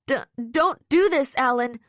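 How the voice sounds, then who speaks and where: A woman's voice: animated, normal speed, fairly bright tone, no echo, clean studio sound. A woman voicing a teenage girl detective in an audiobook, speaking in a tense, shaky, pleading way. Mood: scared, pleading. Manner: tense, pleading, voice higher and shakier. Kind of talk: audiobook character voice.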